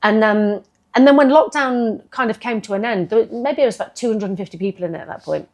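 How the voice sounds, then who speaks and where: A woman's voice: a little high, fast talker, a little mellow. A middle-aged woman, a business founder, talking candidly and chattily as a podcast guest, often restarting her sentences. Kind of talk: casual interview chat.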